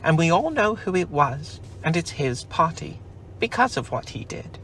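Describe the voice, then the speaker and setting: A man voicing an eager, kind young boy in a storybook, raising his voice higher and sounding excited. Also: moderate pace, a little hiss or hum. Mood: proud.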